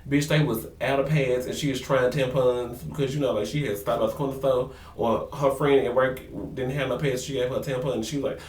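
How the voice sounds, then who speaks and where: A man's voice: mid-range voice, brisk, few pauses, recorded from a distance, a little hiss or hum. Sassy gossiping man, roomy echo. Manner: sassy, gossipy, animated impressions. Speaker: vlogger recapping a reality show. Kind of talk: casual chatty recap. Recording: roomy echo, a bit off-mic.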